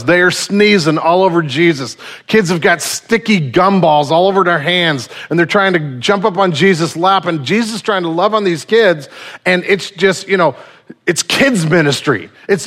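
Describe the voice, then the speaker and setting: A man in his thirties preaching a sermon, lively and conversational, acting out the people in his stories. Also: a little high. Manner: animated storytelling, acting out quotes. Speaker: pastor.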